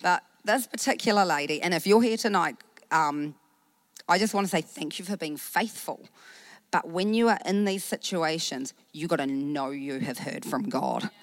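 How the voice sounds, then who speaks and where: A woman pastor with a New Zealand accent preaches through a personal story. Her voice sits a little low and she acts out the people in it with lively energy. The sound is close and dry. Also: normal speed, no echo. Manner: animated storytelling with acted-out quotes.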